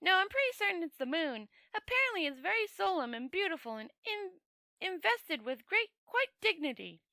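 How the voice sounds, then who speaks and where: Woman reads naive excitable tourist man, high and bright, storybook reading, dry close mic. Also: normal speed, creaky, no echo, full character voice. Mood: enthusiastic. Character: eager naive male tourist, wide-eyed and cheerful.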